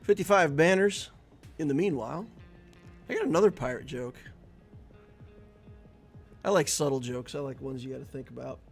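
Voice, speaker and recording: Gravelly-voiced man telling jokes on a stream. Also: mid-range voice, normal speed, pauses often, soft background music. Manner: chatty, jokey, laughs at own jokes. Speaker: gaming streamer. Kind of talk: casual live-stream commentary with joke telling.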